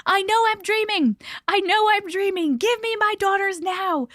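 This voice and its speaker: Woman doing an enraged mother, screaming, cursing, defiant, much higher and louder. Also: normal speed, no room sound, studio quality. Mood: furious. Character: furious mother screaming in a dream.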